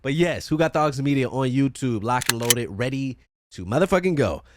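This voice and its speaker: A man's voice: medium pitch, animated, fairly quick, noisy background. A man hosting a solo podcast in a room with a fan running, talking casually and profanely, joking as he plugs his channels. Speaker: podcast host.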